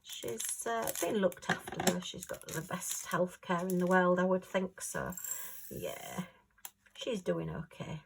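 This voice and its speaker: A woman's voice: lowish voice, sing-song, slow pace, creaky, a little hiss or hum, low-quality recording. Chatty Yorkshire woman crafting. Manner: chatty, giggly, talks to herself as she works. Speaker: crafting vlogger. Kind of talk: casual chat while working.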